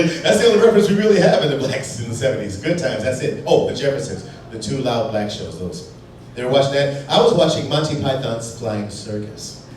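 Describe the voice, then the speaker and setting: A wry man from Chicago does stand-up in a busy bar, his speech rising and falling in animated swings. He sounds far from the mic, in a very echoey room over clear crowd noise. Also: mid-range voice. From Chicago, USA. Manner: wry, playful, quick jumps into put-on voices. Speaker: stand-up comedian. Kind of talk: stand-up comedy set. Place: bar stage in a brew pub. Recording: distant, echoey, noisy live bar recording. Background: audience laughter and bar noise.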